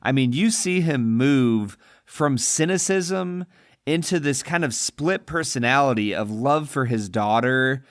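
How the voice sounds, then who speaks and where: Male podcast co-host, emphatic and animated, very lively pitch; dry close mic. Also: measured pace, no echo. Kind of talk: casual film discussion.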